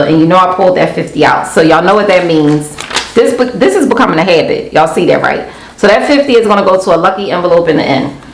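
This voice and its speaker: Casual vlogger, female, gravelly low voice, exasperated chatter, roomy recording. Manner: chatty and exasperated, addresses viewers as y'all. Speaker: budgeting vlogger. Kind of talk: casual chat to camera. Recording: echoey room with faint noise.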